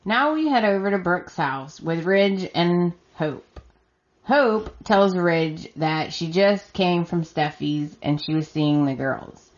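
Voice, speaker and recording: A woman hosts a podcast and recaps the week's episodes in a slow, unhurried voice pitched a little low. She talks casually and with exasperation. The recording sounds dull and lo-fi. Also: lively intonation. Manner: chatty and exasperated, acting out her reactions. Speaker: podcast host. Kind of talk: casual recap of a soap opera.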